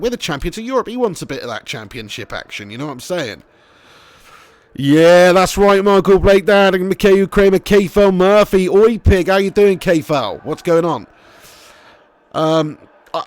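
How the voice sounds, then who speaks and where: A young man commentating a football game live, reading chat, swearing and getting loud at goals. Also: on the high side, no echo. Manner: excitable, swears freely, shouts at goals. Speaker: streamer playing a football career mode.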